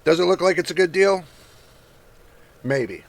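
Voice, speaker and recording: A man's voice: high-pitched, animated, unhurried, gravelly. A man hosting his own channel, chatting casually as he reads prices aloud and makes asides to his viewers. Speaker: channel host. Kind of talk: casual screen-share commentary.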